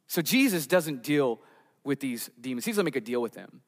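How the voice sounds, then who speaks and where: A man's voice: mid-range voice, very animated, moderate pace, long reverb tail. A man preaching an expository sermon, building emphasis and sometimes voicing quoted pleas. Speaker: pastor.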